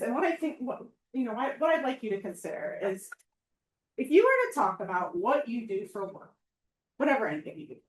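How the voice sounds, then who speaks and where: A woman giving an informal public talk as a professor, chatty and animated, often asking "right?" and acting out quoted voices. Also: on the high side. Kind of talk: informal lecture. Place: outdoor event or hall. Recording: echoey, mic far from speaker.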